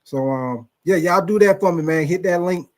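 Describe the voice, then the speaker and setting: A man's voice: high-pitched, moderate pace. A man hosting a sports livestream, telling loose, profane stories and calling out viewers by name. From Atlanta, USA. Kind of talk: casual live-stream chat.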